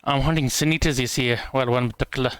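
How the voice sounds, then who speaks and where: A man's voice: medium pitch, fairly even intonation, quick pace, a bit bright, clear, resonant tone, dry recording, close to an everyday voice. A man voicing a brash, blunt dwarf hunter in a game, with a clumsy put-on accent. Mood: gruff.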